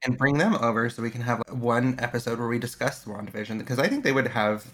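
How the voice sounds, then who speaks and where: Co-hosting a podcast, a man chats in a casual, enthusiastic way. He talks fast with a medium-pitched, fairly bright voice and fairly even intonation.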